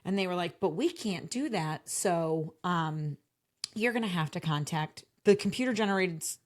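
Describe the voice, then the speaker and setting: A woman's voice: lowish voice, expressive, moderate pace. A young woman co-hosting a casual podcast, venting about service with bursts of laughter. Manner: vents with laughter, quotes others. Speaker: podcast co-host.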